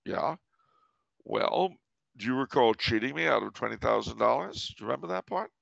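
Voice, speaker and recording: A man's voice: mid-range voice, expressive, normal speed, creaky, fairly bright tone, dry recording, highs cut off. A man voicing an older, shrewd businessman who answers with mock-cheerful sarcasm. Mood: sly. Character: sardonic older male businessman, shrewd and scornful.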